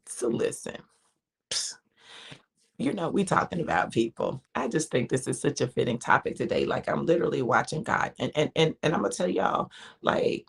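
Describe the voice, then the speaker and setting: A woman's voice: low voice, creaky, breathy edge. A woman ministering on a live devotional broadcast from home, talking casually with viewers, keeping her voice down and repeating her phrases.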